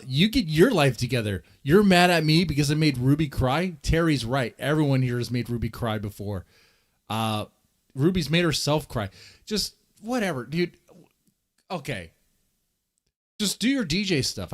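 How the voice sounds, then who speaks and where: A man's voice: medium pitch, lively intonation, normal speed. A man hosting a livestream in casual chat, rambling and teasing his guests with a mocking edge. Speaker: livestream host.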